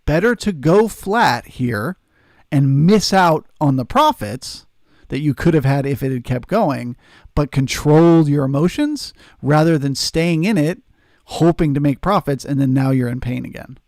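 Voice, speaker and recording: A man's voice: on the high side, expressive, measured pace, a little mellow, no echo, clean studio sound. A man hosting a live trading stream, answering chat and coaching viewers in an earnest, emphatic way. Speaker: trading livestream host.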